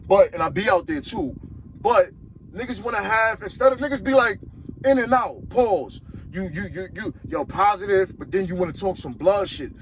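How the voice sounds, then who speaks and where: A man's voice: sits high, moderate pace, fairly bright tone, slight background noise, low-quality recording. A man from Harlem, hosting a podcast and delivering a blunt, mocking rant. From Harlem, New York. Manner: blunt, mocking, heated street talk. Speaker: podcast host. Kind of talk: ranting commentary.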